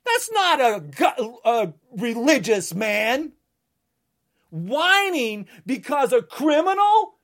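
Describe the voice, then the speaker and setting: Brief: heated woman ranting, high-pitched and swinging wildly, shouts now and then. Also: big pitch swings, slow. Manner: angry, ranting, at times shouting. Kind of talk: political rant.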